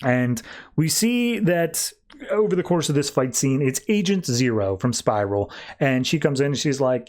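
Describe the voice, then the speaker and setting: A man's voice: on the high side, expressive, moderate pace, darkish tone. A man hosting a podcast, recapping comics in a chatty, loose way full of fillers. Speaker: podcast host.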